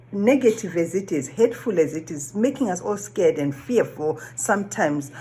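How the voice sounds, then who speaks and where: A woman's voice: on the low side, a little mellow, a little hiss or hum. A woman whose first language is not English, giving an earnest reflective monologue, often asking questions and repeating phrases. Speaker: vlogger.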